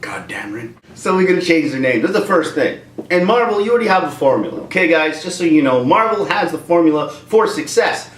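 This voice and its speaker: A man's voice: fairly high pitch, a little fast, distant mic. A man giving a joking, ranting movie review as the host of his own channel. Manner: animated, joking rant. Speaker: YouTube comedian and reviewer. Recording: roomy echo, off-mic.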